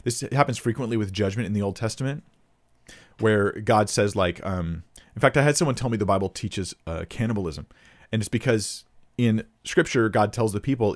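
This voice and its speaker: A man's voice: on the low side, brisk. A man answering viewer questions about the Bible, thinking aloud and reading scripture passages with emphasis. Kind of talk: casual teaching Q&A.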